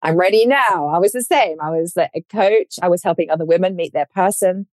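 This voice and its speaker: A woman's voice: fairly low pitch, fairly quick, dry recording. A woman who works as a coach and author, giving encouraging, reflective advice in a casual podcast conversation. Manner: encouraging, reflective, animated in bursts.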